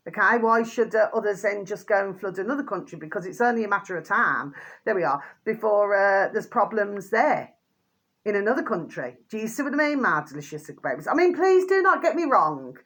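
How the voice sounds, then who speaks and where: Speaking with a fairly high pitch and a fairly bright tone, this middle-aged vlogger from Birmingham, England, chats casually to camera. Her Birmingham accent carries a touch of Yorkshire, and she rambles while repeating favorite phrases.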